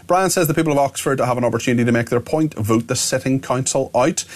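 A man hosting a radio phone-in, reading listener texts out loud with a lot of "uh" fillers. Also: mid-range voice. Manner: fast, plain reading with frequent "uh" fillers. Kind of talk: reading listener messages on air.

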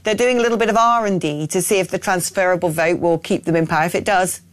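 A woman's voice: lowish voice, fast talker, no room sound. A woman hosting a political talk radio show, opinionated and blunt, reading out listener messages with frequent ums and restarts.

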